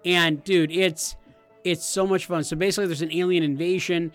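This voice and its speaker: Brief: male podcast co-host, thirties, higher voice, animated storyteller, faint music underneath. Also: normal speed. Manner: animated, acts out game moments in loud high voices. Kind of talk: casual chat.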